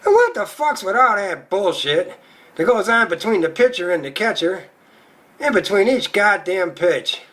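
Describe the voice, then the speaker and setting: A man doing a stand-up comedy routine, crude and profane, with a rowdy storytelling delivery. His voice sits high and comes across bright and sharp. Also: animated, moderate pace.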